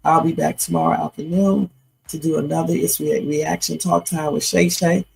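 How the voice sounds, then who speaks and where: A woman's voice: low voice, fairly even intonation, normal speed, gravelly, a little mellow, husky, poor audio. A woman hosting a late-night livestream, tired and playful, chatting loosely and joking around as she signs off. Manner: playful, silly, loose and rambling. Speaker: livestream host. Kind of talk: casual livestream sign-off chat.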